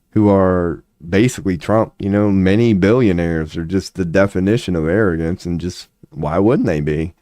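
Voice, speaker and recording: A man's voice: lowish voice, mellow, no echo, clean studio sound. A man giving a casual, profane, sarcastic rant, with short laughs between his points. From United States. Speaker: commentary vlogger. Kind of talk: casual ranting commentary.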